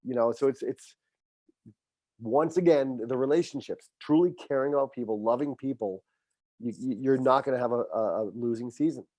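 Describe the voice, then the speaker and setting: A man's voice: medium pitch, moderate pace, a little mellow, dry recording. Podcast guest: older male coach, earnest and motivational, mid-range voice. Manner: earnest, motivational, acts out dialogue with players. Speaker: high school football head coach, podcast guest. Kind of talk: casual podcast conversation.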